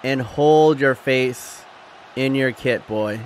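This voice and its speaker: A man hosting a live watchalong stream, commentating excitedly and profanely, shouting at big moments and chatting with his viewers. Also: mid-range voice, slow pace, slight background noise. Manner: talks to his chat and thanks viewers.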